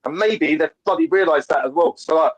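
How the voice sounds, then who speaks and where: A man calls in to a fan show over a video call and talks fast about football. His voice sits a touch high for a man, and he pushes on eagerly, restarting his sentences as he goes. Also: highs cut off. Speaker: caller. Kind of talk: casual fan call-in chat.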